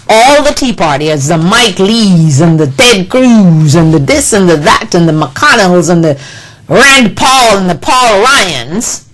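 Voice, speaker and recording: A woman's voice: mid-range voice, poor audio. A woman delivering an impassioned political monologue, indignant and scolding, with emphatic repetition. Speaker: political commentator.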